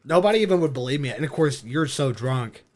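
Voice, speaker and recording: A man, a podcast guest, telling a story in a casual chat, animated, swearing and laughing as he goes. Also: medium pitch, brisk, heavy background noise. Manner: animated, profane, laughing through his story.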